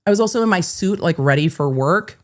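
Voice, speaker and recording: A woman lawyer hosting a legal commentary show, telling a story in a sarcastic, animated, profane way. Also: lowish voice, a little fast.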